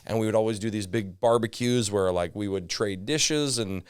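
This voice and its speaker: Comedian guest, Canadian man, rambling storyteller, resonant low voice. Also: normal speed, clear, resonant tone, no echo, clean studio sound. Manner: animated storyteller, lots of fillers and asides. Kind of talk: casual podcast chat.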